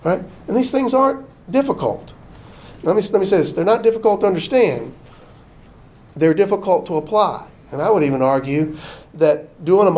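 A man preaching a sermon, folksy and animated, acting out the quotes he tells. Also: a little high. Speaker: pastor.

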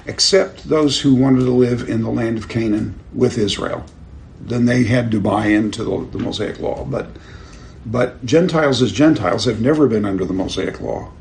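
A man's voice: medium pitch, normal speed, gravelly, darkish tone. Older man teaching a Bible class. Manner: conversational, questions the class, chuckles at his own stories. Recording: roomy with faint background noise.

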